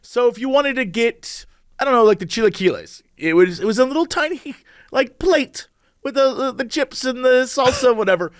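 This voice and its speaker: A man's voice: extremely high pitch, normal speed, clear, resonant tone, no echo, studio quality. A man co-hosting a podcast, telling stories in casual chat with lots of laughter. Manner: animated, laughing storyteller. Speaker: podcast co-host.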